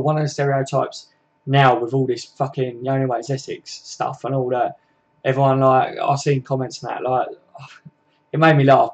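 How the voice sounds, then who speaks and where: Young southern English lad hosting a football stream, mid-pitched and chatty, all slang and tag questions. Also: male voice, darkish tone. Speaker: football live-stream host. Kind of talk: casual live-stream chat reading viewer comments.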